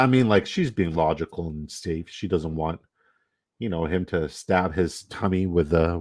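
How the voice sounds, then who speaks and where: A deep-voiced man drafts fantasy football on a live stream, chatting casually and profanely while joking, laughing, and trash-talking the other players.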